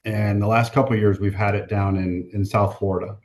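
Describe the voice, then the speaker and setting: A man who is a company president, answering interview questions in a measured way and repeating words at the start of phrases. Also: on the low side, fairly even intonation, darkish tone.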